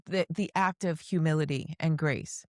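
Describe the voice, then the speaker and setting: Middle-aged woman, low-pitched, telling stories. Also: normal speed, no room sound, studio quality. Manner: earnest, emotional, tells long personal stories. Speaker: podcast host. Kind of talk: casual conversation, personal storytelling.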